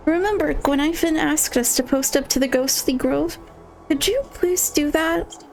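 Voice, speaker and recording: A woman reading a game character's lines aloud in an earnest, measured way. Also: sits high, creaky, slight background noise. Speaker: streamer. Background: faint game music.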